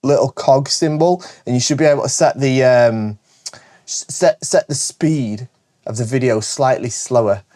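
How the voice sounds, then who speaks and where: A man with a northern English accent, hosting a casual show where he answers viewer questions, talking fast and chattily with frequent self-corrections. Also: mid-range voice, mellow. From Britain. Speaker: host.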